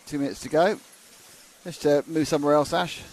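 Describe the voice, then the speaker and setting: A man's voice: fairly high pitch, steady tone, a little fast. A man commentating a livestream of a model car race, chatty and joking between results, from a commentary box at a racing circuit.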